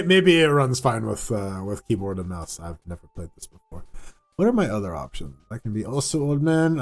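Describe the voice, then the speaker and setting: A jokey, excitable man chats casually while playing a game live. His voice sits at a middle pitch, and faint music plays behind him. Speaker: podcast co-host. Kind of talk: casual live gaming chat.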